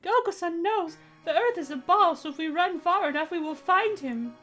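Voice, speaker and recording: A woman voicing a hyperactive young male pigeon who shouts his lines with wild excitement. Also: extremely high pitch, normal speed, soft background music, voice pushed up. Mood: earnest. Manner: loud, excited exclamations. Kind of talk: reading game dialogue aloud.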